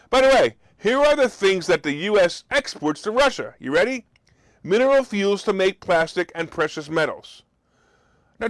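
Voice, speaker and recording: A high-pitched man hosts a talk show, delivering an opinionated monologue full of sarcastic, mocking asides and incredulous questions. The recording has no room sound.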